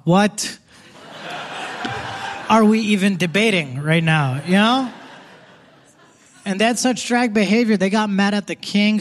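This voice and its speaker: A young man with an Indian accent doing a live stand-up set on a theater stage, punchy and conversational, with asides to the crowd. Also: high-pitched. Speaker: stand-up comedian. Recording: live theater audience audible.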